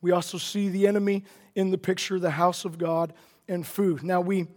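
A man's voice: high voice, little pitch movement, moderate pace, darkish tone, big-room sound. A man preaching a sermon earnestly, often repeating words and building to emphatic declarations.

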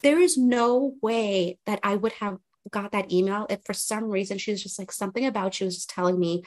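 A woman's voice: medium pitch, a little fast, few pauses. A young woman journalist telling her career story as a podcast guest, chatty with lots of fillers. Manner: chatty, filler-heavy, animated retelling. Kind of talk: casual interview storytelling.

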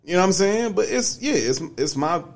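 A man's voice: sits high, lively intonation, brisk, creaky. Laid-back man telling a story. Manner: laid-back, many fillers like "you know what I'm saying". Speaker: podcast co-host. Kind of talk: casual storytelling.

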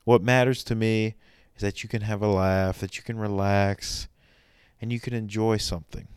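A man's voice: on the low side, fairly even intonation, moderate pace, clean tone, no echo, clean studio sound. A man in a rambling comedy monologue, talking to his audience in a mock-soothing, sarcastic way, full of restarts.

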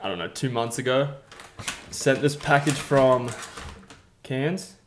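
A man's voice: mid-range voice, moderate pace, slight background noise. A young Australian man with an Australian accent, co-hosting a casual podcast in a dry, understated way. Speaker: podcast co-host.

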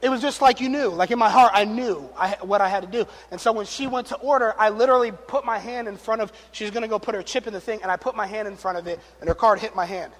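Preaching in a large hall with long reverb, this pastor talks quickly in a high-sitting voice, barely pausing. He tells a story with animation, voicing its characters and tossing in jokes and laughter.

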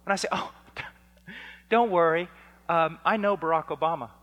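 A man preaching a fiery sermon, dropping to a hush and then rising to shouts as he acts out exchanges. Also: a little high, measured pace. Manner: swings from hushed to shouting, acts out dialogues. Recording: long hall reverb.

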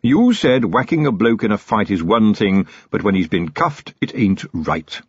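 Brief: male narrator voicing a sly, knowing manservant, high and lively, dry close recording. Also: moderate pace, breathy edge, dry recording, dull audio. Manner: blunt, knowing, chatty. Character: shrewd cheeky male manservant, middle-aged.

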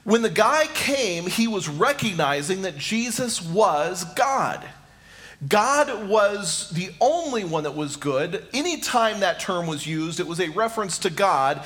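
Middle-aged male pastor with a high, animated delivery; preaches by stacking rhetorical questions. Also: unhurried. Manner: repeats questions rhetorically, addresses listeners directly. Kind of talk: sermon.

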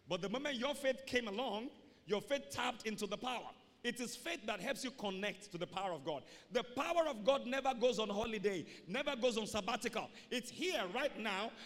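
A pastor preaching a sermon to his church, repeating key phrases and rising to shouts. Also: high voice, big-room sound.

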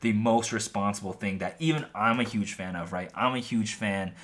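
A man's voice: lowish voice, normal speed, a bit bright. A young man hosting his own podcast in casual, rambling talk full of "like" and "um", his voice a bit worn as he is losing it. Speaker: podcast host.

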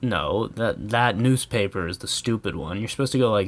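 A man's voice: lowish voice, lively intonation, normal speed. Rambling, profane American guy. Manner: rambling, profane, chuckling, with many fillers. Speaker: vlogger. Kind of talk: casual comedic rant.

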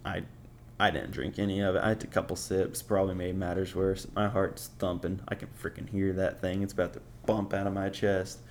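A man's voice: sits low, flat delivery, a little fast, darkish tone, a little hiss or hum. A young man casually telling dating stories as a podcast host, swearing and laughing often. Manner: profane and laughing, offhand. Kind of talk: casual storytelling.

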